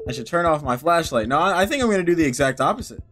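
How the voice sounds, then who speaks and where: A man's voice: a little high, expressive, rapid-fire, fairly bright tone, soft background music. A young man giving joking, profane commentary while playing horror games, answering the characters on screen. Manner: joking, profane, talks back to the game. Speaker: gaming YouTuber. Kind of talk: let's-play commentary.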